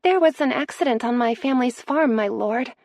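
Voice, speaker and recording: A woman's voice: a little high, brisk, darkish tone, no room sound, voice pushed up. A woman voicing a proud, scarred young maid who was once a warrior, speaking in a tearful, pleading and defiant way.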